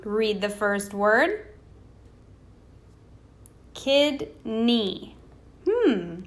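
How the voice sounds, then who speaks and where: A woman teaching a recorded phonics lesson to young children, sounding out words slowly and patiently, asking questions and waiting for answers. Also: a little high, a bit bright. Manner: slow, sounding out words letter by letter.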